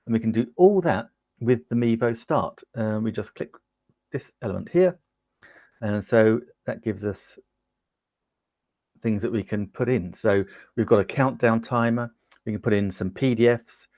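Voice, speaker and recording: An upbeat Englishman talks through a camera demo on his livestream, peppering it with ums as he chats to viewers. His voice sits fairly low. The sound is close and dry, from a lapel mic in a small home studio. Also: a little slow, long pauses, a little mellow, no room sound. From United Kingdom. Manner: chatty and upbeat, with frequent ums, talking to viewers in the chat. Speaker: livestream host demonstrating gear. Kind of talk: casual product demo on a livestream.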